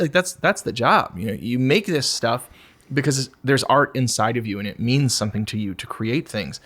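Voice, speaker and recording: A man in his forties, a guest musician talking candidly in a podcast conversation, who slips into high mock voices to act out asking for attention. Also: brisk, a bit bright. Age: 40s.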